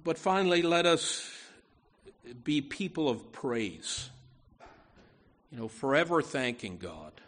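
A man preaching a sermon from the pulpit, earnest and deliberate, often saying "you know" and restarting phrases. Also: mid-range voice, lively intonation, a bit bright. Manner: slow, deliberate delivery with emphatic rises. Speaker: pastor.

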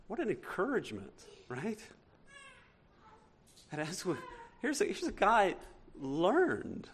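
Man, pastor, sermon, high voice, lively swooping pitch, emphatic rhetorical questions. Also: slow pace, pauses often, breathy edge.

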